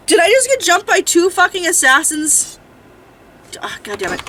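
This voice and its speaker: A woman giving casual, chatty commentary while playing a game, swearing freely and breaking into loud outrage. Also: high voice, sing-song, brisk, recorded from a distance, slight background noise. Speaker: gameplay commentator. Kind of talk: casual let's-play commentary.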